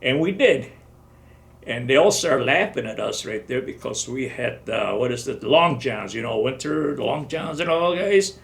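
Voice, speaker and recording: An older man in his seventies recalls his service in a loose, wandering storytelling manner, and often acts out what others said. His voice has a gravelly fry, set at a middle pitch for a man. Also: expressive, measured pace. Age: 70s. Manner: rambling storytelling, acts out dialogue. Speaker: veteran interviewee. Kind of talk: oral history interview.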